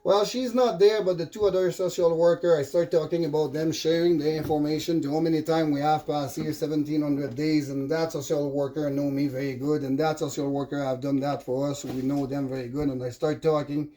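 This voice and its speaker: French canadian guy rambling thru a story, bit higher voice, lots of uh and restarts. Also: fairly quick, few pauses. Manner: rambling, animated, frequent fillers and restarts. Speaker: vlogger telling a personal story. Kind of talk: casual storytelling monologue.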